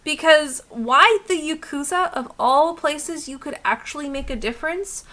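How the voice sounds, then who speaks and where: A young woman co-hosting an art livestream, ranting in a heated, profane, animated way and laughing often. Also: high voice, measured pace. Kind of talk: casual livestream rant.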